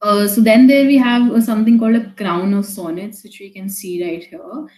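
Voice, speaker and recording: A young woman with an Indian accent tutors a student through an online poetry lesson, speaking at a moderate pace in a steady, warm, mid-range voice. Her style is relaxed and chatty, blending Hindi with English and full of fillers and restarts, and the room echoes.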